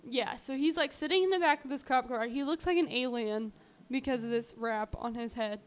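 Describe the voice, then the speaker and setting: A woman's voice: high voice, brisk. A woman co-hosting a podcast, telling a true-crime story in a chatty way with lots of fillers. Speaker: podcast co-host. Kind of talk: casual true-crime chat.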